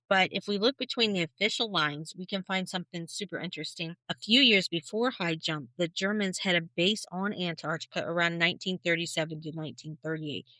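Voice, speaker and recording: Female podcast co-host, casual storyteller, bright tone, dry close sound. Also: fairly low pitch, no room sound, rough recording. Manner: storytelling, animated, conversational. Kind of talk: casual conspiracy podcast chat.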